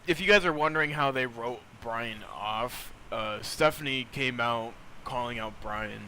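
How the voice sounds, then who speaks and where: A man's voice: medium pitch, measured pace, low-quality recording. Young man, podcast host, rambling casual chat, swears a lot, crowd noise behind. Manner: rambling, loose and joking, swears often. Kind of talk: casual chat recapping wrestling news.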